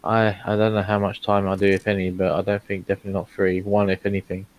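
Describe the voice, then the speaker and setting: Low-voiced man thinking through his turn. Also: monotone, fast talker. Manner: thinking aloud, hesitant, weighing options. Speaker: player. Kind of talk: playing a tabletop role-playing game online.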